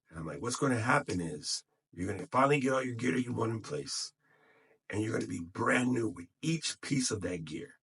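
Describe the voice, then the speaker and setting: A tired-sounding man films himself on his phone, speaking loosely and without a script to motivate fellow podcasters. His lowish, husky voice is animated, a bit bright and a little fast.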